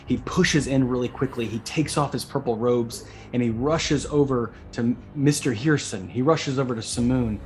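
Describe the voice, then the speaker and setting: A man running a tabletop game as dungeon master, narrating in a measured storytelling way and briefly voicing characters. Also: medium pitch, soft background music.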